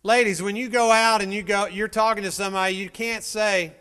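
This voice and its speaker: Energetic man rallying a sales crowd. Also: high voice, a little fast, smooth. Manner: energetic, emphatic, fires rhetorical questions at the crowd. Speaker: motivational speaker at a sales meeting. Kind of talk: motivational speech to a live audience. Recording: long hall reverb.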